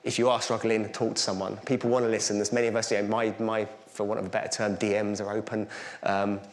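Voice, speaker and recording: A man's voice: lowish voice, little pitch movement, fast, echoey room. A middle-aged Englishman, giving a candid, conversational talk with slides at a conference. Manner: candid, conversational, self-deprecating. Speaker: conference speaker.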